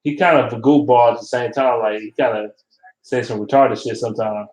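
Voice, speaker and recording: A man ranting casually and profanely about football, animated and blunt, as a vlogger. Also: mid-range voice, a little fast. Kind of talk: casual sports rant. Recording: roomy echo.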